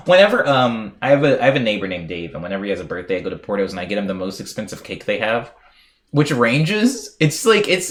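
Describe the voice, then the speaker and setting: A man's voice: medium pitch, sing-song, brisk, fairly bright tone. A young man from the United States rambling casually as a live streamer, reading viewer messages aloud and chatting playfully with lots of fillers.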